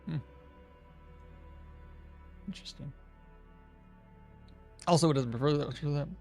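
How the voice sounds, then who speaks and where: A man's voice: fairly high pitch, unhurried, vocal fry, darkish tone, faint music behind. A man giving casual gameplay commentary, thinking aloud, chuckling often and answering chat as he plays. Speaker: streamer playing a game.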